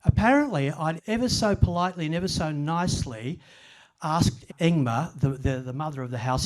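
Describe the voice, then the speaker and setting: A man's voice: on the high side, moderate pace. An older man giving a self-deprecating, humorous storytelling talk at a library event. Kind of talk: storytelling presentation.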